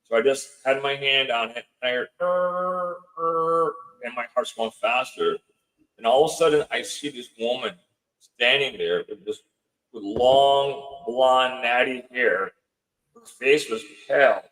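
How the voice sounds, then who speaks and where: A man, a podcast guest, telling a frightening story in a halting way, often repeating words. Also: medium pitch, fairly bright tone, low-quality recording.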